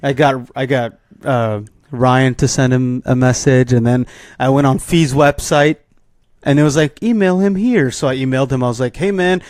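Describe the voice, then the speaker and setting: A man's voice: mid-range voice, moderate pace, darkish tone, no room sound, studio quality. A man co-hosting a podcast, ranting bluntly and profanely in casual chat. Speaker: podcast co-host.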